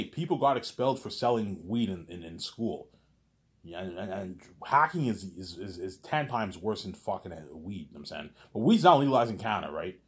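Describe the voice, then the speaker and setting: A man telling a long, rambling story casually, repeating words often and adding constant filler tags. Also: deep voice.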